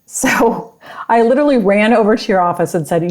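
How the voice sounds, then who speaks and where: A woman's voice: medium pitch, brisk, darkish tone. A woman in her fifties, a guest on a conversational show, telling a story and acting out the quoted lines. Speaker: guest, business partner. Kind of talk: casual conversation.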